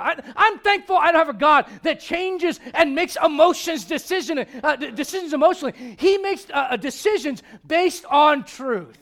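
A middle-aged man preaching in a church, his voice sitting very high. He jokes and swings between loud emphatic lines and hushed asides. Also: expressive, normal speed, few pauses. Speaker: pastor. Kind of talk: sermon.

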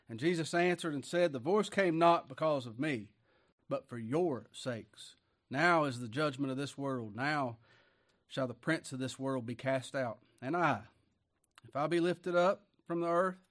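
In a mid-range voice, a man preaches, lingering over scripture with slow gravity. His delivery lurches from loud emphasis into soft asides, and he lets out frequent chuckles.

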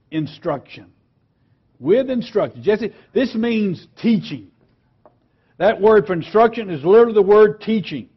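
A man teaching a lesson on preaching, emphatic and earnest, slowing down and dropping quiet on key words. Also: high voice, highs cut off. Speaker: preaching instructor.

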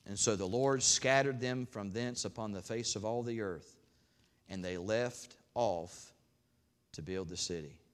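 A man pastor preaching a sermon. He swings from loud, raised peaks to quiet, conversational asides, and acts out God's words in a folksy voice. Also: fairly low pitch, measured pace. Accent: regional accent of his own.

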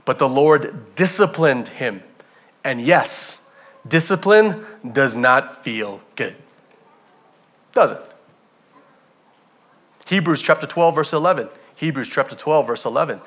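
A man preaching a sermon as pastor, telling stories with animated energy and addressing the congregation as family. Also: on the high side, measured pace, long pauses.

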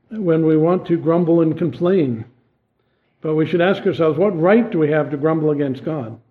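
A man preaching a sermon in an earnest way, asking pointed questions and then dropping his voice low. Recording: tinny phone-like sound.

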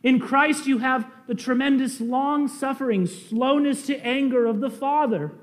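A man preaching a sermon as a pastor, impassioned, rising to loud emphasis and dropping to quiet pleading. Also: very high-pitched, unhurried.

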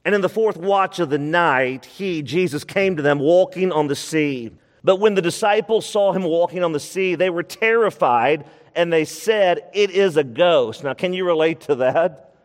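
A male pastor preaching a sermon, expressive, slowing down to stress words and acting out scripture quotes. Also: a little high, long reverb tail.

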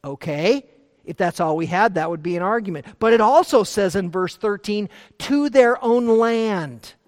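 High-voiced man preaching in an echoing hall. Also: normal speed. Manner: emphatic, shifts between hushed asides and forceful declarations. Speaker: pastor. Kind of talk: expository sermon. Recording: long hall reverb.

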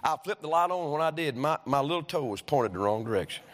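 A pastor preaching a sermon, telling folksy personal stories that build into fervent preaching. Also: male voice, fairly high pitch, animated, quick pace, a bit bright, in a large hall. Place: church sanctuary.

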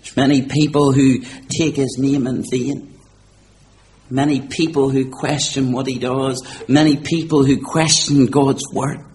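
A man preaching a sermon in an earnest voice that swings from hushed to raised and urgent. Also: mid-range voice, flat delivery, a little slow, a little hiss or hum.

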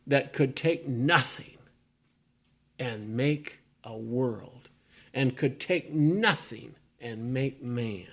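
A man preaching a sermon, reading scripture and building from hushed words to loud repeated phrases. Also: mid-range voice.

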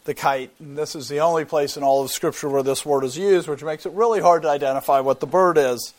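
A man's voice: a little high, a little fast. A man teaching a Bible sermon, explaining things earnestly and often repeating words as he thinks. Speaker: preacher.

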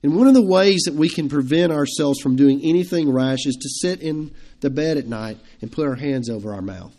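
A man's voice: a little high, a little fast, warm tone. A man preaching an evening sermon to his congregation in a conversational, emphatic way. He chuckles between points and asks his listeners questions. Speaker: pastor.

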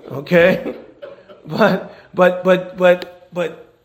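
A man's voice: a little high, normal speed, vocal fry. A male pastor and chaplain preaching a conversational sermon in a church, checking in with the congregation with frequent "okay?". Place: church sanctuary. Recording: echoey church room, faint noise.

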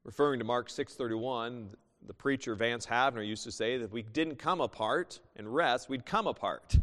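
A man pastor preaching a sermon, moving between loud emphatic bursts and soft hushed asides. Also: mid-range voice, normal speed. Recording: long hall reverb.

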